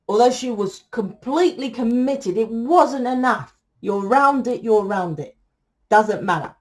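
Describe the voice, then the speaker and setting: A woman giving a casual tarot reading, blunt and lecturing, swearing freely as she talks to her viewers. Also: medium pitch. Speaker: tarot reader.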